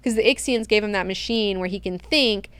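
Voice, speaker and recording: Smooth-voiced woman with a crude, slangy recap. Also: mid-range voice, fairly quick, fairly bright tone, no echo. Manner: crude, slangy, heavy on filler words. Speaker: book club host. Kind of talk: casual book recap.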